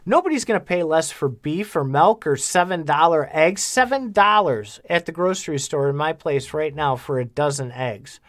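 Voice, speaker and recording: A man's voice: on the high side, animated, moderate pace, hardly any pauses, a bit bright. A man co-hosting a casual talk show, ranting bluntly and heatedly about money. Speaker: podcast co-host. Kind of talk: casual chat.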